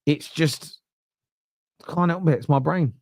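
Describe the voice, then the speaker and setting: A Cockney man from the East End of London hosting a live football watchalong. His voice sits a little high for a man, and the sound is close and dry. He chats with a self-mocking humour and bursts into shouted excitement when a chance goes close. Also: takes it slowly, creaky, no echo. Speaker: watchalong host.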